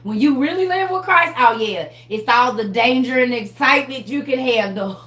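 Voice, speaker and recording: A woman in her forties preaching casually to her viewers about her faith, animated and laughing often, calling them y'all. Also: a little high, brisk. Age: 40s. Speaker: vlogger sharing faith. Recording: roomy echo.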